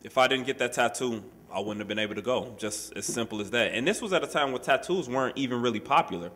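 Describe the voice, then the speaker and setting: A man sharing his life story at a workshop speaks fast, with a medium pitch, in a casual, street-style way. His talk is full of "you know" and "man," and he's animated, acting out the voices in the story.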